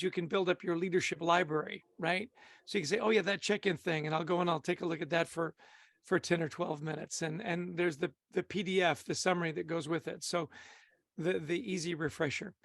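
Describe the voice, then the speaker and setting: A man's voice: fairly high pitch, fairly even intonation, fairly quick, vocal fry, a bit bright, no echo. A man facilitating a leadership training session over a video call, upbeat and often repeating words as he starts sentences.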